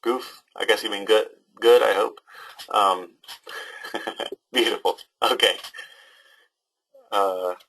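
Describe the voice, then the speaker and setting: A man's voice: lowish voice, fairly even intonation, takes it slowly, vocal fry, pauses often, a bit bright, husky, poor audio. A young man teaching an online class to students, talking casually and hesitantly with many ums and restarts. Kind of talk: casual webinar talk to students.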